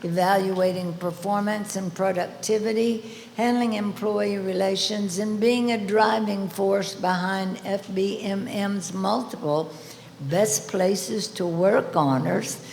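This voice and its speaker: A woman presenting an award at a ceremony, reading a deliberate introduction with playful asides. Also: medium pitch, fairly even intonation, gravelly, a little mellow, a little hiss or hum. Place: large event hall. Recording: echoey hall with faint ambience.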